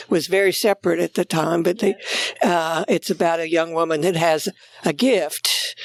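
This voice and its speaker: A woman guest with a low, gravelly voice talks about a book she loves. She speaks thoughtfully, with frequent pauses and fillers, in a dry-sounding space. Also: no room sound. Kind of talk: casual book chat.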